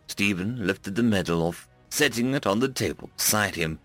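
A man narrating a science fiction story in an even, unhurried manner. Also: fairly low pitch, no room sound, soft background music. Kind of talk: audiobook narration.

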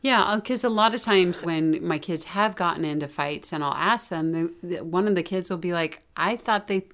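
Low-voiced woman co-host chiming in. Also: normal speed, a bit bright. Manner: supportive, chimes in with short rephrasings. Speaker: parenting podcast co-host. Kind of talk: casual conversational chat.

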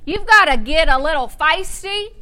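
High, bright-voiced woman pastor preaching. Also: lively intonation, moderate pace. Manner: fervent preaching with call-and-response interjections. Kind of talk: sermon.

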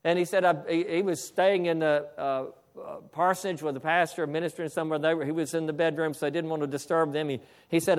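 A fervent male preacher with a high voice, preaching a sermon. He stumbles and restarts his phrases, then swells up to shouted declarations. Bursts of praise break into his flow. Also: steady tone, quick pace, hardly any pauses, smooth. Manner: fervent, repetitive restarts, exclaims "hallelujah"; builds to shouting.

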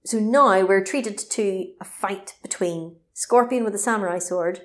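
An animated woman is co-hosting a casual film chat. She retells the plot with gusto and drops the odd swear. Her voice sits at an everyday middle pitch for a woman. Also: a little slow. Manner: animated storyteller, swears, acts out quotes. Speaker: podcast co-host.

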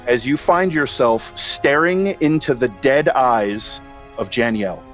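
Acting as game master for a tabletop game, a man describes the scene vividly with small hesitations, his medium-pitched voice slow and a bit bright. The audio is dull and lo-fi, with faint music.

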